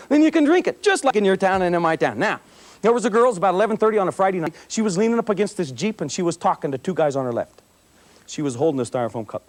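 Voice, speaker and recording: A man with a notably high voice tells stories to students at a school assembly. He is a middle-aged police officer who acts out scenes with humor and lively delivery. His talk is motivational and easygoing. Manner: animated storyteller, acting out scenes with humor.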